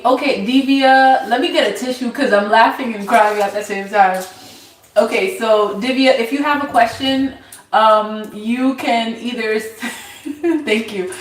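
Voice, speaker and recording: A woman hosting a casual tarot livestream, reading viewers' names from the chat and answering them in an unhurried way. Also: medium pitch, roomy sound, recorded from a distance, low-quality recording. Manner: unhurried, reads chat names aloud, laughs easily.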